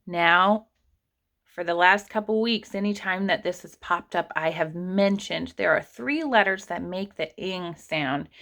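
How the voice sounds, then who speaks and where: A woman teaches kindergarteners online, writing sentences while sounding out every letter. She speaks slowly and patiently, drawing out each sound for small children. Her pitch sits in an ordinary middle range. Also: gravelly, fairly bright tone.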